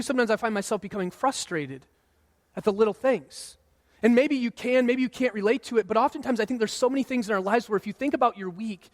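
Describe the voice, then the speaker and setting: A man in his thirties preaching a sermon in a relaxed, conversational way, sometimes acting out what people say. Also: very high-pitched. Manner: conversational preaching, acts out quoted voices. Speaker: pastor. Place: church sanctuary. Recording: long hall reverb.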